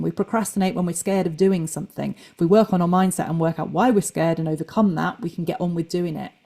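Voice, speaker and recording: Mellow-voiced woman coaching online. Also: on the low side. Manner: chatty, animated quoting of inner thoughts. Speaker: fitness coach. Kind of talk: live online coaching talk.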